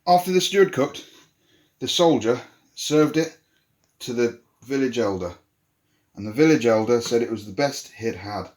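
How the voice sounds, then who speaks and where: A man's voice: medium pitch, moderate pace, pauses often. Man telling a story casually. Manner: relaxed, repetitive "so he goes" narration. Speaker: storyteller and channel host. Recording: roomy echo, faint ambient noise.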